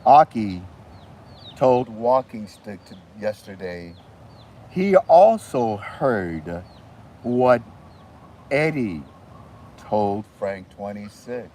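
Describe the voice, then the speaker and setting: A man's voice: on the low side, very animated, extremely slow, long pauses, dark tone. A man hosting his channel, rambling casually with many restarts, recorded outdoors. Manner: rambling, restarts, chats to chickens. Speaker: channel host. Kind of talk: casual monologue to viewers. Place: outdoors with chickens.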